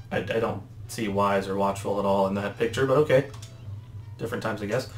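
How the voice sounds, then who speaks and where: A man's voice: lowish voice, steady tone, fairly quick. A man hosting a let's play, chatting casually and rambling, often correcting himself. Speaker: gaming channel host. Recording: roomy echo, faint background noise.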